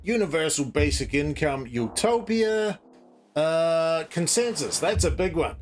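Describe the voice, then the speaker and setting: A buzzword-spouting crypto promoter played by a man with a slight put-on American twang. He rambles and stalls, and his voice sits fairly high for a man. Faint music plays underneath, like a comedy sketch. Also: expressive, measured pace. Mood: boastful. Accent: put-on slight American accent. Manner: rambling, filler-heavy, salesy.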